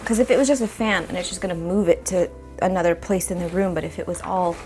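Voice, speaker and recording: A woman's voice: on the low side, fairly even intonation, quick pace, warm tone, soft background music. A young woman vlogging in casual chat as she repots plants at home, thinking aloud with lots of fillers and coughing now and then from dust, recorded on a phone nearby. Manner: rambling, chatty, thinks aloud with many fillers. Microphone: phone camera nearby.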